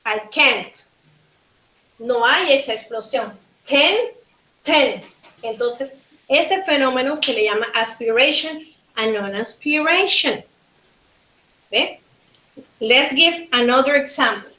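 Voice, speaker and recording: A woman from Panama with a Panamanian Spanish accent, teaching a linguistics class and slowly repeating words to model pronunciation. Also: high-pitched, sharp tone, reverberant, rough recording. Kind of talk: bilingual classroom lecture.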